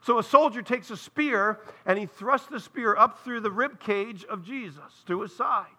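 A man's voice: sits high, moderate pace, bright, forceful tone. A male pastor preaching a sermon to his church, explaining earnestly and turning often to the congregation with asides.

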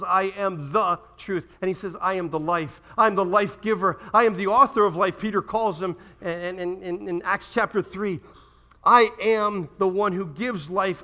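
A man preaching a sermon, animated, acting out the voices of people he quotes. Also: high voice. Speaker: pastor.

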